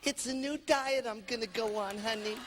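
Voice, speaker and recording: A man voicing a timid, excited young housewife who answers her husband quietly. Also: extremely high pitch, unhurried, a little hiss or hum. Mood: sheepish.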